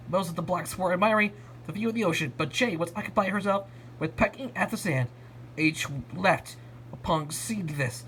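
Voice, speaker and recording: A woman reading a fan story aloud in an expressive storybook style. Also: fairly low pitch, normal speed, a little hiss or hum. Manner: expressive, lively narration. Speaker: reader.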